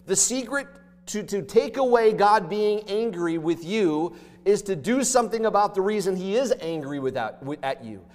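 A man preaching a sermon as pastor, with emphatic delivery that swings between loud stresses and hushed asides. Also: sits high, lively intonation, normal speed, soft background music. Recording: long hall reverb.

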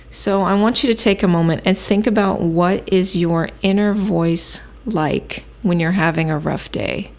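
A woman hosting a self-help podcast, teaching in a calm, measured way and thinking aloud with occasional fillers. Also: on the low side. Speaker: podcast host.

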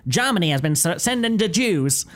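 A man putting on a 1940s radio newscaster voice, reading war headlines slowly and gravely. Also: sits high, sing-song.

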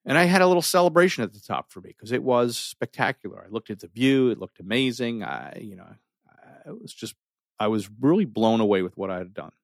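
A middle-aged man telling a personal story in an animated way, full of restarts and dramatic pauses. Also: mid-range voice, creaky, no echo, clean studio sound.

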